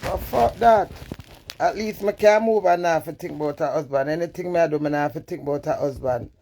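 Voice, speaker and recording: A woman's voice: deep voice, fairly quick, warm tone, a little hiss or hum. A woman with a Jamaican accent, talking bluntly and profanely in a candid live-stream rant, swinging between defiance and emotion. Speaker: social media personality.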